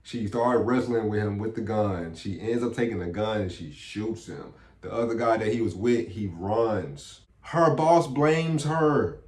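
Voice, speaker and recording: A man recapping a movie plot in a casual, slangy, animated way. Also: fairly low pitch, a little slow, hardly any pauses. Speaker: movie reviewer. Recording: echoey room.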